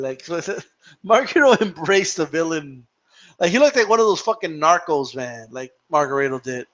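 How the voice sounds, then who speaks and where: Laughing, profane young man, high lively voice. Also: moderate pace. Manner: laughing, profane, switches into Spanish to quote fighters. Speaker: boxing commentator on a live stream. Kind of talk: casual live-stream chat. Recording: dull lo-fi stream audio.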